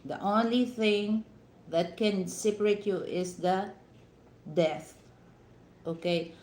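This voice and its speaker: A woman's voice: medium pitch, slow, a little mellow, a little hiss or hum. A woman from the Philippines with a Filipino accent, giving advice to her viewers in a casual live-stream talk, full of "you know" fillers. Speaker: vlogger. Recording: echoey room.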